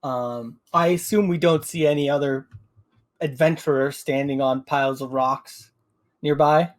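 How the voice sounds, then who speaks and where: A man's voice: fairly high pitch, steady tone, measured pace. A man playing a tabletop game, asking about checks and explaining rules in an easygoing way. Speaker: player. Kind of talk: casual tabletop play.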